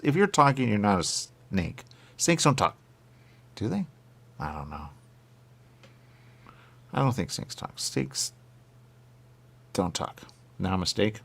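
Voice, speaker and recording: A man with vocal fry and a slightly bright voice trades absurd comedic banter. He argues in goofy circles, his pitch jumping widely.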